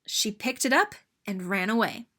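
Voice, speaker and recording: A woman reading a children's picture book aloud in an expressive, sing-song storytelling manner. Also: medium pitch, moderate pace.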